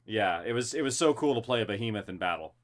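A man co-hosting a podcast, talking casually and excitedly with lots of fillers. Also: on the low side, fast talker. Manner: chatty, animated, full of fillers. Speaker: co-host and voice actor.

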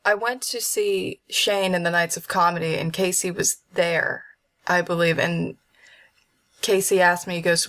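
Woman guest, hesitant talker with lots of fillers, a little low-pitched; casual interview chat. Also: steady tone, unhurried, fairly bright tone. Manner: hesitant, many fillers and restarts. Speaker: voice actor guest. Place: at home with a dog.

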